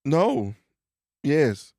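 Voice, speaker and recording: A young man hosting a casual podcast chat, telling a story in an animated way and acting out the people he quotes. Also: a little high, extremely slow, no room sound, studio quality. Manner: animated storyteller who acts out quoted voices. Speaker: podcast host.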